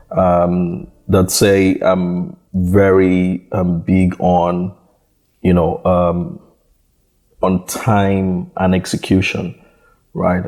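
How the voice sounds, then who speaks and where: Low, mellow-voiced man in a halting interview. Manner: hesitant, many repeated words and "you know" fillers. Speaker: startup founder guest. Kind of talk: conversational interview.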